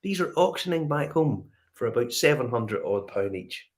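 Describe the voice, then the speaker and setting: Lively Northern Irish man telling stories. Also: medium pitch, moderate pace. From Northern Ireland. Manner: animated storyteller, acts out dialogue. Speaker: whiskey show guest. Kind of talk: casual chat.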